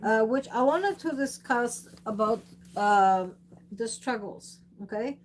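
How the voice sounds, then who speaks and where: A woman hosting a casual livestream chat, talking haltingly with many fillers and restarts in a gently instructive, motherly way. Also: on the high side, expressive. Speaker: host of a livestream channel.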